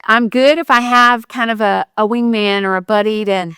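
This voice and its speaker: A woman's voice: on the high side, steady tone, moderate pace, sharp tone, clean tone, no room sound, studio quality. A woman co-host on a talk show, talking thoughtfully and hesitantly with frequent fillers. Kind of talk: conversational chat.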